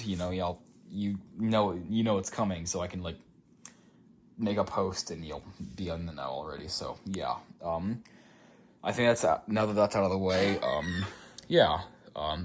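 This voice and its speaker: A man's voice: low-pitched, slight background noise. A man from the United States with a nasal voice, chatting casually in a rambling vlog with many ums and likes. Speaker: collector vlogger. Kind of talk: casual show-and-tell vlog.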